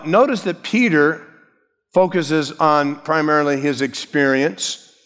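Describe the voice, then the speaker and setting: A man's voice: on the high side, a bit bright, smooth, in a large hall. A man preaching an expository sermon as pastor, emphatic, stressing key words and shifting his pace.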